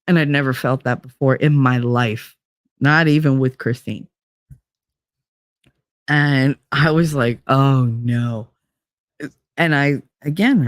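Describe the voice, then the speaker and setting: This low-pitched female podcast host tells a long, casual story from her life, rambling and leaning on "like" as filler. Her audio is dry and clean, straight from the studio.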